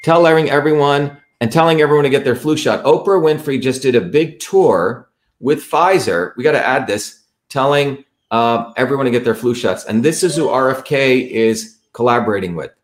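A man of average pitch hosts a livestream and walks his viewers through a website. He talks emphatically and repeats his points. He keeps checking that the audience is following along. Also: moderate pace. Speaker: livestream host.

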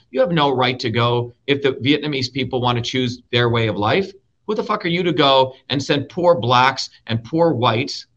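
A man from India delivers a heated political rant with a bright, forceful edge, swearing freely and hammering his points with repetition. His voice sits a little high for a man, and the audio sounds somewhat dull and lo-fi. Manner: profane, emphatic, repeats key words. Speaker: show host and guest speaker.

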